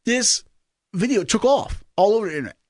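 A man's voice: high voice, animated, a little fast, dry recording, studio quality. A man from Virginia co-hosting a podcast, joking and teasing as he rambles through a story. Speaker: podcast co-host. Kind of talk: casual banter.

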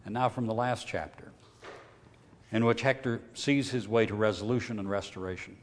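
A man reading a novel aloud in a measured, steady way, lifting his voice when characters shout. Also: fairly low pitch, big-room sound, slight background noise. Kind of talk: audiobook reading.

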